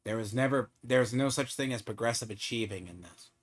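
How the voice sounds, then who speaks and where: A man's voice: medium pitch, fairly quick. A man streaming a game, trash-talking and mocking another player in casual, swearing chat. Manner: taunting, mocking, swears freely.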